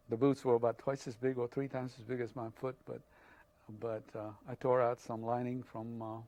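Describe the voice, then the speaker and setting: An older man tells his story in a halting, unhurried way, pausing often on fillers. He speaks at an ordinary middle pitch, as an interviewee recalling events from his own life. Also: a little mellow. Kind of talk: oral history testimony.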